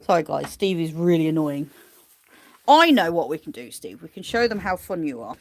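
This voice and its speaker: A woman's voice: low voice, big pitch swings, moderate pace, a little mellow, slight background noise. A woman chatting casually to viewers of her livestream from a farm, rambling with restarts, filmed on a phone on a tripod. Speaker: smallholder livestreaming her animals. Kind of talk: casual live chat with viewers.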